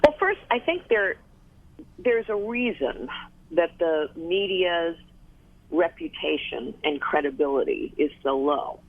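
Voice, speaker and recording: A woman guest on a talk radio call-in, making her points in numbered order in a measured way. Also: low voice, animated, no room sound. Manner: measured, lists points one by one. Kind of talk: phone interview on talk radio. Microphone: telephone. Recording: tinny phone line.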